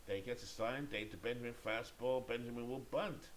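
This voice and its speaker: A man's voice: mid-range voice, brisk, hardly any pauses, slight background noise, low-quality recording. British man calling a sim baseball game. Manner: enthusiastic, chatty asides to viewers. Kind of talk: play-by-play commentary of a simulated game.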